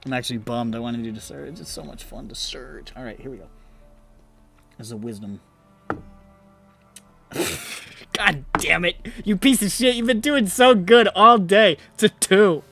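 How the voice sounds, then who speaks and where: Excitable high-voiced male game master. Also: moderate pace, pauses often, soft background music. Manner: laughing often, swearing, excitable. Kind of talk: narrating a tabletop game.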